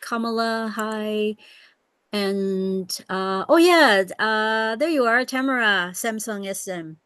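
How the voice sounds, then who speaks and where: A woman's voice: mid-range voice, slow pace, fairly bright tone, clear, resonant tone, dry recording. A woman hosting a virtual reading on a video call, chatty and welcoming, with many fillers. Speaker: host of a virtual reading series. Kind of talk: casual video call chat.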